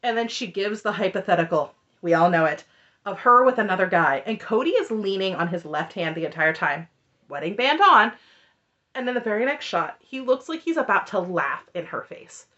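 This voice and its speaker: A woman's voice: mid-range voice, animated, normal speed, bright, forceful tone, muffled recording. A woman recapping a reality show in casual commentary, sarcastic and exasperated. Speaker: recap vlogger.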